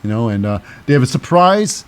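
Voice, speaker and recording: A man's voice: mid-range voice, very animated, fairly quick, smooth. A man hosting a casual wrestling recap podcast with a cynical, wry manner and many fillers. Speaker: podcast host.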